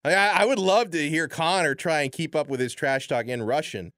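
A man's voice: on the high side, brisk, dry recording, clean studio sound. A man hosting a sports talk show, chatting casually with lots of restarts and fillers. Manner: animated, filler-heavy, chuckling. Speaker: sports radio host.

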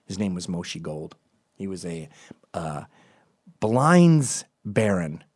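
A man's voice: low voice, slow, husky, dry recording, clean studio sound. Rambling American man telling stories. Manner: rambling, digressive, deadpan asides. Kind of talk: comedic storytelling monologue.

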